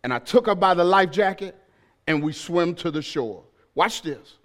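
A man preaching a sermon as pastor, telling a personal story and building up to shouted, emphatic preaching. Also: fairly high pitch, normal speed.

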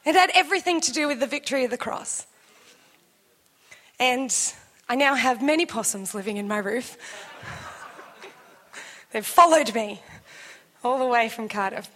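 A woman in her thirties preaching a sermon, telling a lively personal story and shouting as she acts it out. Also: a little high, normal speed, pauses often.

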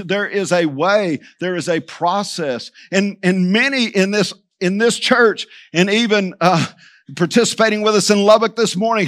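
Emphatic preacher, higher-pitched man. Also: a bit bright. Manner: preaching with emphatic repetition, addressing the church directly. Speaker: pastor. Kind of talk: sermon. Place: church.

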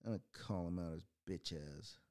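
A man's voice: deep voice, a little fast, darkish tone, no echo, studio quality. A young adult man hosting his own show, ranting casually with a lot of swearing and mocking laughter. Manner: profane, mocking, laughs often. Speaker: podcast host.

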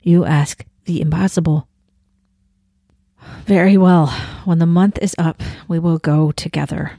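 A woman's voice: deep voice, fairly even intonation, measured pace, dark tone, no room sound, studio quality. A woman reading aloud as an anguished, protective father in a storybook passage. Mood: resigned. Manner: emphatic read-aloud storybook dialogue.

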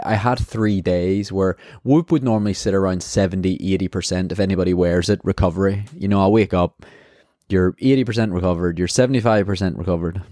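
Low, dark-voiced Australian man, candid. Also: no echo, studio quality. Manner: candid, rambling, swears freely. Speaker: podcast host. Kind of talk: casual race debrief.

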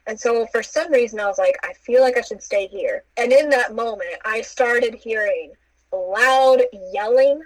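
A young woman with a fairly high voice recounts a story casually and a little slowly, acting out the quoted lines with playful asides and laughs. She sounds animated. The recording is low quality but has no echo.

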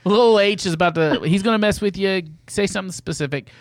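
A man's voice: sits high, quick pace, no room sound, clean studio sound. A man hosting a casual podcast, upbeat and playful, laughing often as he explains a game. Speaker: podcast host.

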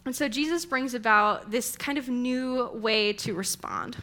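A woman's voice: on the high side, measured pace, sharp tone. A young adult woman giving a sermon in a conversational, storytelling way. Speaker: preacher.

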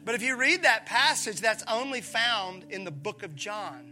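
A pastor from preaching a sermon, animated, acting out voices and calling on his listeners. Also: sits high, normal speed, a little hiss or hum. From Mississippi, USA. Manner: animated, acts out voices, calls on the congregation.

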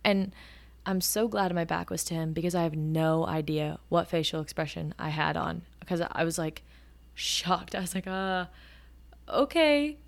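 A woman in her twenties hosting a podcast, telling stories in a casual, animated way and acting out the quotes. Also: deep voice, normal speed, vocal fry. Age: 20s. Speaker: podcast host. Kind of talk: casual storytelling.

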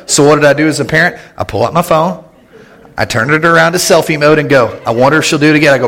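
A man, preaching a casual, humorous sermon as a pastor, chatty and quick with jokes and asides. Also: mid-range voice, fairly bright tone. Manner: joking, conversational, with quick asides and laughs. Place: church sanctuary. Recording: long hall reverb in a church.

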